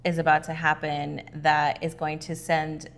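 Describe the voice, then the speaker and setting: A woman's voice: low-pitched, monotone, unhurried, a loud crowd. A woman co-hosting a casual podcast, chatting agreeably and quoting her own reactions as she recaps a reality show. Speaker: podcast co-host.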